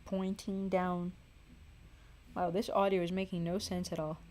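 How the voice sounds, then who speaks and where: A woman's voice: on the low side, level tone, a little slow, a little mellow, slight background noise. A woman hosting a livestream who thinks aloud in casual chat as she draws, tired, sighing and poking fun at herself. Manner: thinks aloud, self-mocking, sighs. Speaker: livestream host and singer.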